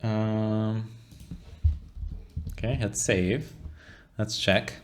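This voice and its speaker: Low-pitched young man, unhurried pace, casual coding walkthrough, checks in with "right?". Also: steady tone, a little hiss or hum. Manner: thinks aloud, often adds "right?" and restarts. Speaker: coding tutorial instructor.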